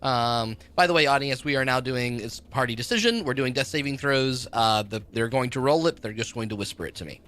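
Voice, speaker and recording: A man running a tabletop game as game master, narrating monsters and rules in a quick, chatty way. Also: mid-range voice, lively intonation, fairly bright tone.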